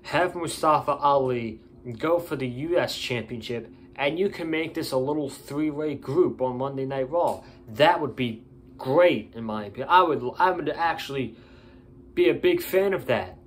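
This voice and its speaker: A man's voice: mid-range voice, moderate pace, slight background noise. A tired man giving a casual, opinionated wrestling show review, blunt and ranting.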